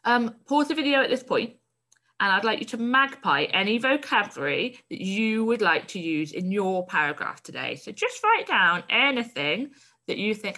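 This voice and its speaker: Brief: animated woman teacher, bright and clear, encouraging tone for a recorded lesson. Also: medium pitch, moderate pace. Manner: animated, encouraging, explains while reading aloud. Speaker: primary school teacher.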